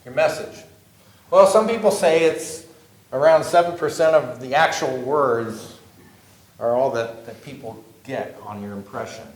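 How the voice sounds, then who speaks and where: A man's voice: mid-range voice, measured pace. Man giving a talk in an echoey room. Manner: conversational, repetitive, lots of "okay?" check-ins. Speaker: workshop speaker on job interviews. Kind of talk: conference talk to a live audience. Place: meeting room with an audience.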